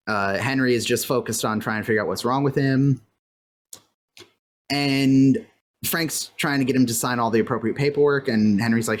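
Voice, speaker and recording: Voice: mid-range voice, fairly even intonation, moderate pace. Chatty podcast co-host rambling through a recap. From California. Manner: chatty, rambling, heavy on filler words. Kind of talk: casual episode recap chat. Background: faint fan or air-conditioner hum.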